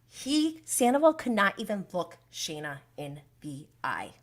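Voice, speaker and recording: A woman's voice: medium pitch, sing-song, a little slow, hardly any pauses. A young woman hosting a casual recap livestream, emotional and outspoken, swearing freely as she reacts. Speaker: reality TV recap host.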